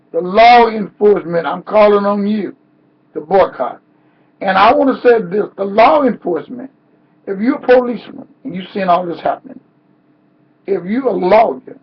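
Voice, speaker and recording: High, husky man making a slow, rousing speech. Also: expressive. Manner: preacher-like cadence, rising to cries. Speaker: activist speaker. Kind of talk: impassioned protest speech. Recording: dull lo-fi sound.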